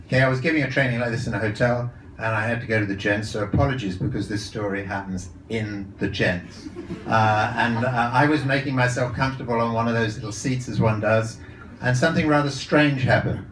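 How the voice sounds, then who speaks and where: A man's voice: mid-range voice, brisk, fairly bright tone, reverberant, recorded from a distance, a little hiss or hum, poor audio. A man speaking as a psychologist and coach to a live audience, telling stories in a chatty way with frequent restarts. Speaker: psychologist and coach giving a talk. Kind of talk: live talk to an audience with anecdotes. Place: event room with a live audience. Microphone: handheld or lapel mic.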